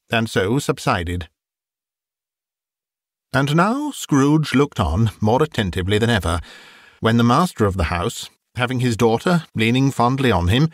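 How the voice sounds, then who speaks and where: A man narrating a classic novel in an expressive, measured storytelling style. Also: mid-range voice, no echo, studio quality. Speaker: audiobook narrator.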